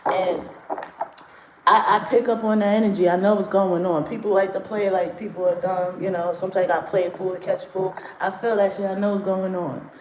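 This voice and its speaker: A woman's voice: medium pitch, little pitch movement, brisk. A woman hosting a livestream with card readings, talking bluntly and with lots of cursing, often calling out her chat. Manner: blunt, profane, rants at chat. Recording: roomy echo, faint noise.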